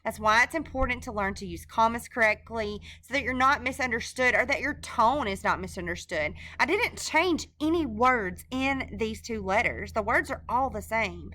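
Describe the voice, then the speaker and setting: A woman's voice: on the high side, animated, moderate pace, few pauses, sharp tone. A woman teacher talking through a recorded screencast lesson in a casual, informal way, with frequent fillers and restarts.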